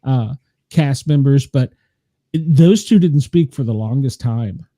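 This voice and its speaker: Dark-voiced man chatting and cursing. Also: mid-range voice, slow, dry recording. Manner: profane, laughs often, gossipy. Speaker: podcast host. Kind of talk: casual chat.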